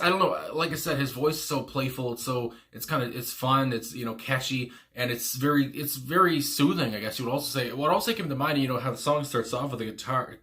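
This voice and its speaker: A man's voice: mid-range voice, bright, forceful tone. A young man hosting a casual music reaction, rambling with many fillers and restarts and laughing often. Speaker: music reaction channel host.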